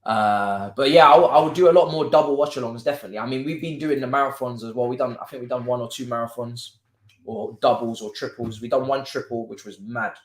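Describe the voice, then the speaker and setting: A man chats loosely over a live football stream, joking and slipping into slang. His voice sits at an ordinary middle pitch. The room around him rings with a noticeable echo. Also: quick pace. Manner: chatty and joking, heavy on slang, with frequent restarts. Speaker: football watchalong host. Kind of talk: casual live-stream chat and match commentary. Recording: roomy echo.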